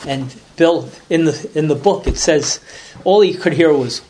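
A man's voice: on the high side, a little slow, very noisy. A man telling a story at a recovery meeting in casual, rambling talk, repeating words and acting out voices as he goes.

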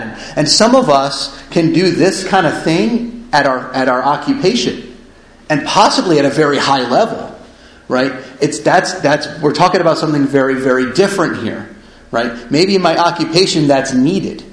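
A man with a fairly high speaking voice reads a text aloud and breaks off to explain it in plain, casual terms. He keeps checking in with "right?" and acts out examples. The room around him is echoey. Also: normal speed. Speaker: discussion leader reading from a recovery book. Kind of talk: reading a passage aloud and explaining it.

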